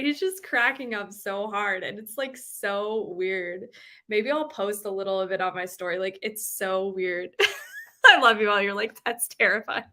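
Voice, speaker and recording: A woman's voice: on the high side, sharp tone. A young woman chatting casually on a live stream as host, giggly and full of filler words. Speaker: livestream host.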